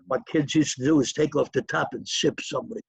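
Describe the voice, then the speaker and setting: An older man, his voice gravelly and husky. He drifts from one memory to the next in a rambling, chatty way. The sound is close and dry. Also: mid-range voice, fairly quick, no room sound. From New York. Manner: rambling, digressive storytelling with chuckles. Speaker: interview guest. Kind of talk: reminiscing in a casual interview.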